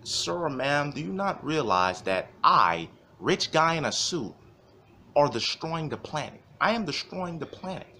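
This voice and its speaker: A tired fast-food counter worker who asks what the problem is in a low, flat, formal tone, as a man puts the voice on. The voice drops below his usual pitch and stays weary. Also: slight background noise, heavily acted.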